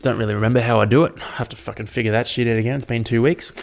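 A young Australian man hosts a solo podcast, talking very fast in a steady, medium-pitched voice with vocal fry. His casual monologue is full of rambling stories and constant swearing.

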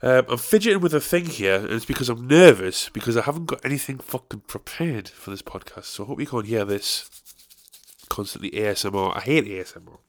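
A man's voice: medium pitch, lively intonation, fairly quick. A young man hosting a solo podcast, rambling casually with crude, self-mocking jokes. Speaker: podcast host.

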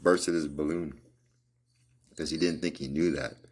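A man's voice: very deep voice, steady tone, a little slow, a little mellow, slightly rough. A man reading a story aloud and adding chatty, folksy remarks. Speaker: reader. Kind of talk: audiobook reading with casual asides.

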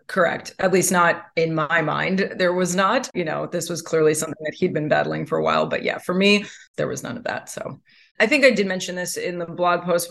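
Creaky-voiced woman guest. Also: lowish voice, fairly bright tone. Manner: chatty, heavy use of "like" fillers. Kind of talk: candid conversational storytelling.

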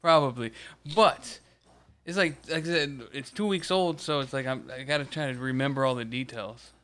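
Smooth-voiced man telling a heated story. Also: medium pitch, moderate pace, a bit bright. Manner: rambling, profane, gets heated retelling a confrontation. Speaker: podcast co-host. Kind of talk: casual chat, storytelling.

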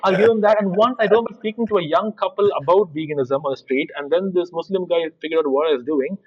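A man, an activist guest telling blunt, animated stories in a casual interview. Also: sits high, fast talker, husky, highs cut off. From India.

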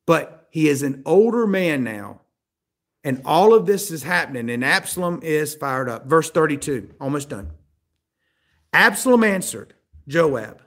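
A man preaching in a fairly high voice, throwing questions to his listeners and slipping into the voices of the people he talks about. His pitch climbs and his volume swells when he presses a point, then drops low for the grave parts. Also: big pitch swings, a little slow, fairly bright tone. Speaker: pastor. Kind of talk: sermon.

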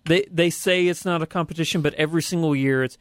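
Male co-host, slightly higher voice, steady explainer, dry mic. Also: fast talker, no room sound. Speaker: podcast co-host. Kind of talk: casual chat.

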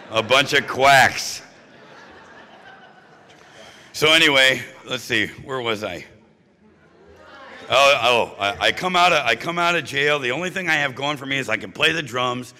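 A man's voice: medium pitch, bright, forceful tone. A man speaking at a recovery meeting, telling his own story with humor and punchy jokes. He keeps checking in with the audience by asking "right?" and "you know?". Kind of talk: humorous personal-story talk to a live audience. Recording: live talk with long hall reverb.

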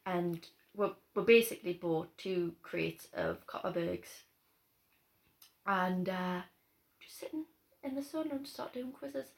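A woman's voice: lowish voice, takes it slowly, gravelly. A woman with a Geordie accent, co-hosting a podcast in casual, giggly, rambling chat. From Gateshead, North East England. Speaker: podcast co-host.

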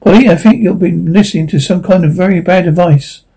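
A man reading the part of the Doctor, an eccentric, curious man, in a brisk conspiratorial way. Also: sits high, gravelly, dark tone, slightly rough, heavily acted, rough recording. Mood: earnest.

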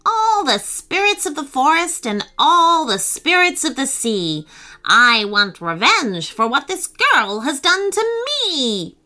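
A woman's voice: sits high, sing-song, slow, pushed and bright, pitched above the performer's own voice, exaggerated voice. A woman voicing an angry, rude male monkey who sneers and demands revenge in a children's story. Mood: sneering. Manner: cross, sneering.

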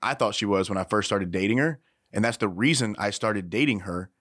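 A man's voice: fairly low pitch, brisk, a bit bright, no echo, clean studio sound. A man from Louisiana with a Southern accent, co-hosting a casual podcast and telling rambling stories with plenty of swearing. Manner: rambling storyteller, swears freely. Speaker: podcast co-host.

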